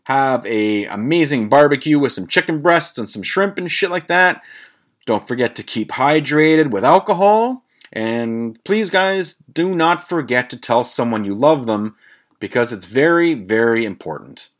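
A male podcast host telling a story in a loose, rambling monologue. He swears freely, stumbles over his words and tosses in jokes as he goes. His voice sits at an ordinary, average pitch for a man. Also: measured pace. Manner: profane, rambling, with many fillers and restarts; animated, jokey.

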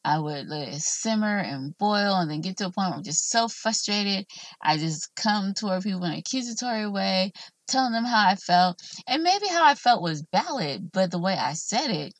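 A woman's voice: medium pitch, expressive, moderate pace, no echo. A woman hosting a solo talk, giving relationship advice in an earnest, encouraging, conversational way.

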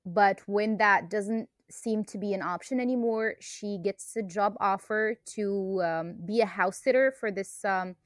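A young woman co-hosting a casual book podcast, unhurried and hesitant, with many ums. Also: medium pitch, no echo, clean studio sound. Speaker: podcast co-host.

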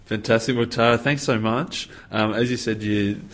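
A man's voice: medium pitch, fairly even intonation, normal speed. An Australian man hosting a casual interview, laid-back with easy fillers. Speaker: podcast interviewer.

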